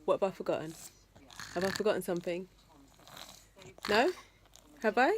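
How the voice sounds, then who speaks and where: A woman's voice: medium pitch, normal speed. A woman filming at home, coaxing small children to talk to the camera in a playful way. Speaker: mother filming her children. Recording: home recording with steady background noise.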